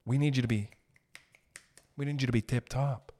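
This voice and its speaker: A man's voice: medium pitch, fairly even intonation, normal speed, mellow. A young man hosting a podcast, ranting casually with profanity and jokey asides. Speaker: podcast host. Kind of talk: casual comedic podcast rant.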